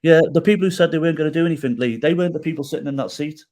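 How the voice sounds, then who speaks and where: A man's voice: a little high, rapid-fire, a little mellow. A middle-aged man telling his own story as a podcast guest, acting out quoted dialogue and often checking in with the host. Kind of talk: storytelling in an interview.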